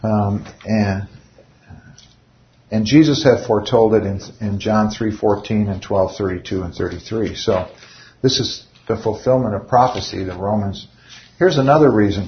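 A man's voice: on the low side, muffled recording. A man leading an informal Bible study, speaking conversationally and often putting rhetorical questions to his listeners.

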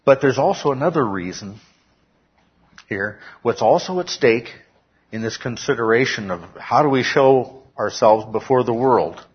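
A man's voice: mid-range voice, slightly rough, highs cut off. A male pastor preaching a sermon, often checking in with "okay?" and rising to emphatic outbursts. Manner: peppers talk with "okay?", rises to emphatic shouts. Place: church.

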